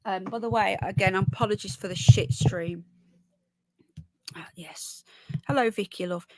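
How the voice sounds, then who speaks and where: A woman's voice: medium pitch, fairly even intonation, brisk, no room sound. Woman livestreamer with a sore throat, mid-range voice, dry close sound, chatty and opinionated. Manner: chatty, opinionated, rambling with restarts. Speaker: livestream host. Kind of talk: casual live chat reading viewer comments.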